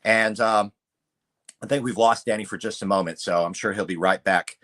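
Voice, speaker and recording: A man's voice: on the low side, moderate pace. A man hosting a live true-crime show, talking steadily and going through a call transcript. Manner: steady, reads transcript aloud. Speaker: show host.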